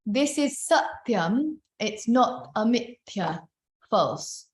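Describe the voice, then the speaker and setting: Over a video call, a woman with a slightly high, animated voice teaches Sanskrit chanting in a rehearsal, drawing out her words in a reverberant space. She explains each phrase before chanting or singing it.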